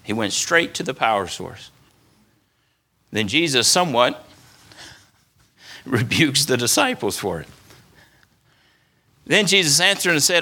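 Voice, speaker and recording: Man, pastor, sermon, bright forceful voice, repeated phrases, rising and falling delivery. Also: medium pitch, very animated, slow pace, pauses often. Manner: preaching with rising and falling emphasis.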